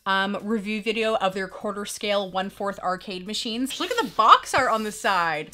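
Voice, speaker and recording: A young woman hosting a casual unboxing video, chatty and excitable, gasping and squealing over the items she opens. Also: mid-range voice. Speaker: YouTube host opening fan mail.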